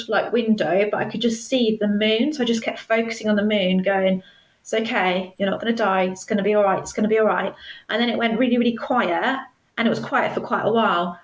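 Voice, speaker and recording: A woman, a guest telling her personal story in a podcast interview, earnest and measured. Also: medium pitch, reverberant, rough recording. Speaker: guest, stalking survivor.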